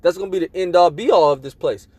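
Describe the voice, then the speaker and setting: A man's voice: high voice, quick pace, a little mellow, no room sound. A man preaching a sermon, reading scripture aloud and driving each point home with "man" and "all right?". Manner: emphatic, tags lines with "man" and "all right?".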